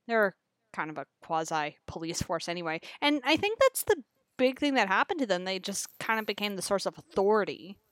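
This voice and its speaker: A woman's voice: medium pitch, sing-song, brisk, no echo. Wry, laughing woman podcast co-host. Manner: wry, laughs often, casual swearing. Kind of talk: casual fan chat.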